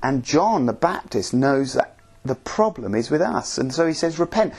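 A man's voice: mid-range voice, lively intonation, normal speed, a little mellow, breathy edge. A man preaching a sermon, earnest and searching, asking his listeners repeated questions.

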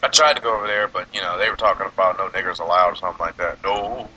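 A man's voice: low-pitched, racing, dull audio, slight background noise. A man hosting a podcast in casual chat, telling stories with lots of laughs while eating. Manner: animated storytelling, laughs a lot. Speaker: podcast host.

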